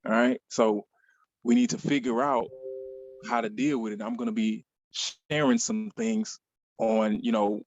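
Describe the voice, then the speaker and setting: A man's voice: fairly low pitch, little pitch movement, a little slow, a little mellow, highs cut off. A man giving a conversational motivational talk to an online audience, often repeating phrases and checking in with "right?".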